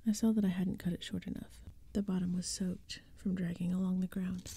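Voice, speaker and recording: A woman reading a spooky children's story in a soft, breathy whispered role-play, close to the mic. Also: on the low side, flat delivery, brisk, background noise. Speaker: ASMR storyteller.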